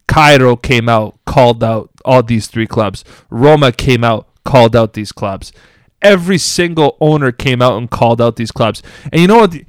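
A man's voice: mid-range voice, normal speed, clear, resonant tone, no room sound. A man co-hosting a football podcast, ranting angrily with lots of swearing and emphatic repetition. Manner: angry, swearing, emphatic rants. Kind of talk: heated podcast rant.

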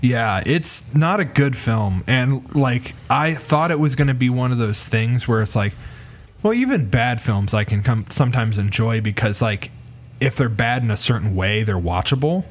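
A man's voice: medium pitch, animated, moderate pace. A man co-hosting a podcast in casual chat, rambling with restarts and casual swearing. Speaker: podcast co-host.

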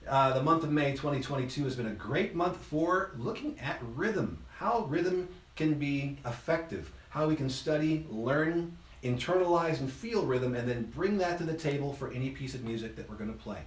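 A man giving an instrument lesson, counting beats aloud in an encouraging, relaxed way while he plays. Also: fairly high pitch, moderate pace, reverberant. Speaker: music teacher.

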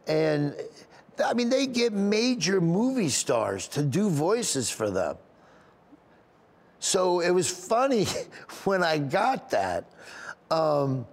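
The voice is on the high side, trailed by a long reverb tail. He's a comedian in an interview, rambling through a moving story, frequently near tears and breaking into laughs as he remembers.

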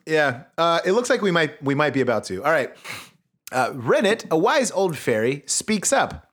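A man's voice: on the high side, very animated, normal speed, a bit bright. A man hosting a comedic podcast, reading a children's book aloud with joking asides that drop into mumbles. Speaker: podcast host.

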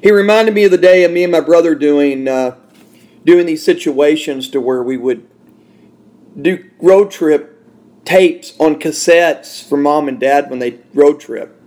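In a studio, a man hosting a Christian podcast shares an emotional personal testimony at a measured pace. His delivery shifts between loud, high moments and soft, hushed ones.

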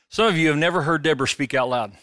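Bright-voiced joking male pastor. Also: on the high side, dry recording, studio quality. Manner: animated, joking, conversational preaching. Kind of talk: sermon.

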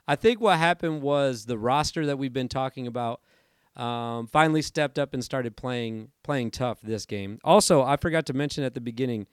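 A man in his thirties hosting a casual sports podcast, chatty and rambling, his voice hoarse from allergies. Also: medium pitch, normal speed, no room sound, clean studio sound. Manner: chatty and rambling, self-correcting. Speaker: podcast host.

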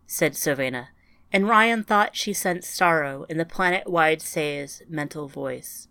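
A woman narrating a scripted audiobook in a quiet, even storytelling manner. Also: low-pitched, unhurried, smooth, no echo.

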